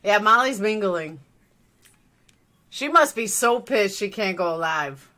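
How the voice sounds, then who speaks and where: A woman's voice: medium pitch, animated, slow pace, pushed and bright. A woman hosting a livestream, chatting loosely as she reacts to a live news feed. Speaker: livestream host. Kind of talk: casual live commentary.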